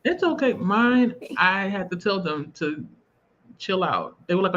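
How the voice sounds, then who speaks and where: A woman's voice: lowish voice, animated, a little slow, fairly bright tone. Chatty woman streamer, dull lo-fi audio. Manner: chatty and laughing, loose informal speech. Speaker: livestream host. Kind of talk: casual livestream chat. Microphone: video call.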